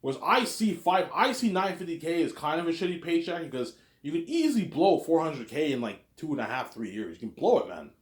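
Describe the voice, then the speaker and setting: A man rambles through a casual monologue in a lively voice that rises and falls a lot, often circling back to the same stock phrase. He sits a little high for a man, and his voice echoes around a roomy space. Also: brisk, few pauses. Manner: rambling, repeats "you know what I'm saying". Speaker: vlogger. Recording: roomy echo.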